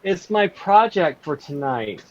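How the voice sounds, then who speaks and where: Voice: mid-range voice, big pitch swings, unhurried, slight background noise. Easygoing co-host with a dull lo-fi sound. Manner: easygoing, welcomes viewers and describes the craft project. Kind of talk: casual livestream chat.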